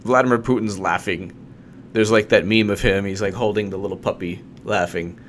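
A political commentator rants off the cuff, sarcastically repeating his points and mocking opponents in put-on voices. His voice is on the low side, with fairly even intonation at a moderate pace, and there is slight background noise.

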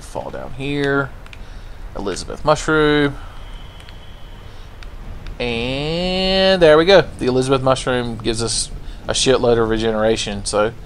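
A man with a mid-range voice hosts a let's play, delivering crude, playful commentary packed with swearing and jokes. A little hiss or hum sits under the recording.

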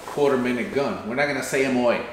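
Casually planning a video, this male channel host speaks quickly in a mid-range voice and performs some of the lines. It's recorded in a very echoey room with a little faint noise.

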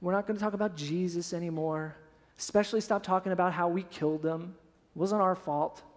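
A man voicing a hushed, scheming council of male elders, talking low and conspiratorially. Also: steady tone, brisk, in a large hall, natural voice.

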